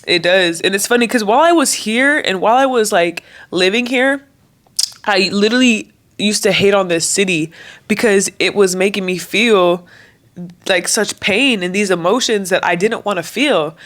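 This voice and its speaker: A woman's voice: medium pitch, moderate pace, a bit bright. A young woman talking candidly to camera in a vlog, emotional and chatty, her voice close to cracking. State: voice cracking, near tears. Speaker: vlogger. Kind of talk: casual talk to camera.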